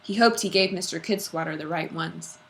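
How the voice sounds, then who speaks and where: Expressive woman reading a children's storybook. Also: on the low side, normal speed, gravelly, very noisy. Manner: expressive, with character voices. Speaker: reader. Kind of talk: storybook read-aloud.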